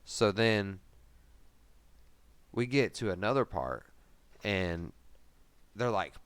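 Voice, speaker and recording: A man's voice: fairly low pitch, lively intonation, slow pace, long pauses, a bit bright, smooth, dry recording. A man in his thirties, a podcast host, telling a rambling story in casual chat, with constant swearing and filler words.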